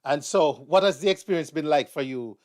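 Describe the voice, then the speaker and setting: A man hosting a live online show, unhurried and with many fillers as he introduces guests. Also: a little high, a little mellow.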